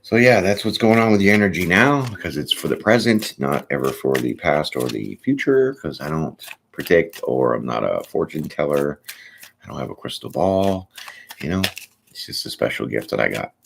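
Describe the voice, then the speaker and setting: A man's voice: rumbling low, sing-song, normal speed, creaky, slight background noise. A man doing a casual, chatty tarot reading, joking and laughing often as he goes through the cards. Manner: chatty, laughs often, jokes and acts out little bits. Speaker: tarot reader.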